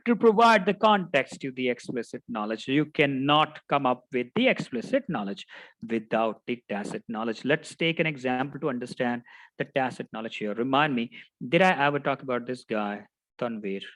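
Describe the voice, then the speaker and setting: A man's voice: mid-range voice, lively intonation, normal speed, a bit bright, no room sound, poor audio. A middle-aged man, a project management instructor, teaching through a story and often tagging his sentences with "right?". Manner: anecdotal, tags sentences with "right?". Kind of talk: storytelling lecture.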